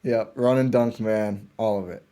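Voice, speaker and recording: Guy talking hoops on a podcast, kinda dark relaxed voice, gets all fired up and trips over his words. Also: on the low side, a little slow, clean tone. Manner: enthusiastic fan, rambling with restarts. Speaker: podcast guest. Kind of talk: casual sports chat.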